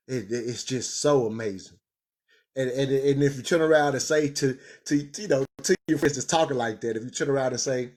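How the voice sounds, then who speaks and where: A man hosting a casual commentary show, talking in an animated way, laughing and repeating words when he gets excited. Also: medium pitch, fairly quick. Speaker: commentary channel host.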